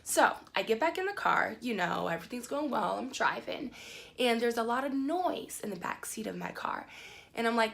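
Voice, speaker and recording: A young woman vlogger telling a story in a casual, animated way, full of fillers, her voice climbing high when she gets indignant. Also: normal speed, vocal fry. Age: young adult.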